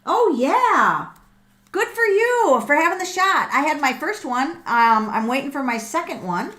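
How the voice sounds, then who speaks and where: Excitable high-voiced woman reading tarot. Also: unhurried. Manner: excitable, thinks aloud with frequent ums and repeats. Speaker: tarot reader and livestream host. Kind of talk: live tarot reading chat.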